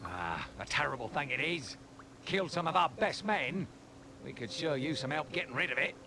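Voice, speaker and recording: An actor playing a gruff middle-aged male sewer thief guard with a British accent and rough folksy speech, in game voice acting. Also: on the high side, animated, normal speed, sharp tone, a little hiss or hum. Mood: gruff warning. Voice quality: rough folksy dialect, calls people lad.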